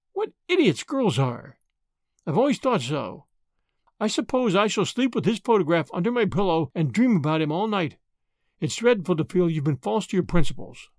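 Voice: medium pitch, a little mellow, no echo, studio quality. A reader voicing a spirited, frank young woman in an audiobook, snappy and emotional. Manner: snappy, emotional, talks to herself. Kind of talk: audiobook character voice.

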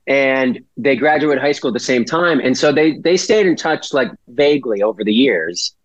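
A man's voice: mid-range voice, lively intonation, moderate pace, no echo. A man from Massachusetts, a podcast guest telling a rambling story and swearing freely. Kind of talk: casual storytelling. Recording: dull dry lo-fi audio.

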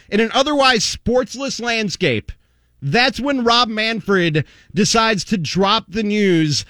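A man's voice: high voice, animated, slow, bright, forceful tone, dry recording. A male sports radio host in a studio, delivering a heated, indignant rant full of sarcastic repeated questions.

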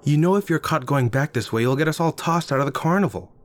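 A man's voice: on the high side, expressive, fast, pitched above the performer's own voice, close to an everyday voice. A man voicing a fussy, anxious young woman in a lighter, raised voice.

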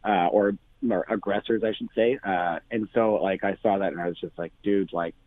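A bar owner talking casually on the phone, full of fillers and restarts. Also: male voice, low voice, fairly even intonation, a little fast, a little hiss or hum. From Canada. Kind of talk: phone interview. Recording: tinny phone line.

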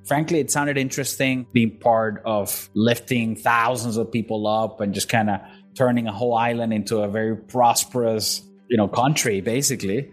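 A man from Venezuela, a guest in an interview, telling stories in a lively way, acting out the people in them and laughing along. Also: mid-range voice, moderate pace, soft background music. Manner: animated storyteller, acts out quotes and laughs. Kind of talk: storytelling in an interview.

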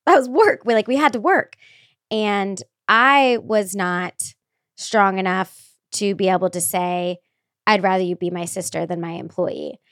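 A woman in her thirties hosting a podcast, telling candid stories in a lively, chatty way with lots of fillers. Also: medium pitch, no echo, clean studio sound. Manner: candid, animated storyteller with frequent fillers. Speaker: podcast host. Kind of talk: casual podcast chat.

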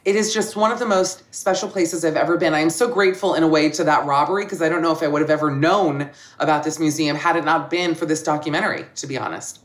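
A woman comedian in her forties chatting as a podcast guest, an animated, self-mocking storyteller who laughs often. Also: deep voice, fast, few pauses. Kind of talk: casual comedic chat.

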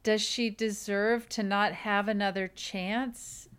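A woman's voice: medium pitch, fairly even intonation, slow, fairly bright tone, clean tone. A woman co-hosting a comedy podcast with dry, joking banter. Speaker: podcast co-host. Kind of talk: casual comedy chat.

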